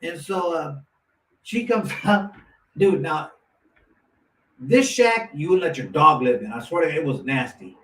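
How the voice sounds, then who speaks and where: Man guest, lively storyteller, slightly high voice, echoey room, off-mic with faint hiss. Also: unhurried, long pauses. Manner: animated, acts out quotes with lots of restarts. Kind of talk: casual storytelling. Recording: roomy echo, mic at a distance, faint noise.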